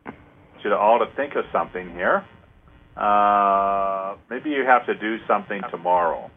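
A man hosting a casual radio talk, rambling with many fillers and counting aloud slowly to lead a clearing. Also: low-pitched. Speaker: host leading an energy clearing. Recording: narrow phone-like radio sound.

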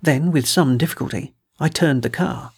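A man narrating an adventure tale as an audiobook, in a measured, dramatic reading. His voice is gravelly and husky, sitting a little high for a man. He gives the spoken lines a touch of character. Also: a little mellow. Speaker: audiobook reader. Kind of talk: first-person storybook narration.

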